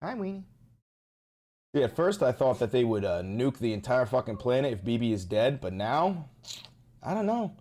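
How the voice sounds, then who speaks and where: A man's voice: mid-range voice, sing-song, normal speed, long pauses, warm tone. A man hosting a casual livestream, reacting to news in a profane, sarcastic ranting manner. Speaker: live streamer and political commentator.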